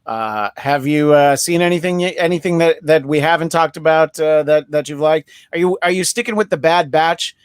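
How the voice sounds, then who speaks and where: A man hosting a podcast in casual chat, rambling and joking with many filler pauses. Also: on the high side, clear, resonant tone, dry recording, studio quality. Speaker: podcast host.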